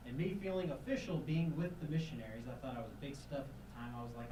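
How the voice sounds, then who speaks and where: A man's voice: fast talker, few pauses. Tennessee guy telling stories on a podcast, lots of uh, kinda far from the mic, roomy echo and hiss behind him. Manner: hesitant with many fillers, jumps to loud high voices quoting people. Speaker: podcast guest. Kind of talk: casual storytelling.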